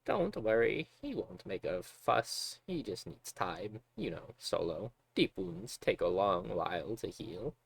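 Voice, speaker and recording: A man voicing a kind, matronly old woman cook in a high, slow, coaxing falsetto while reading a game aloud. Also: big pitch swings, creaky, husky, no echo, exaggerated voice, rough recording. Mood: coaxing, gentle.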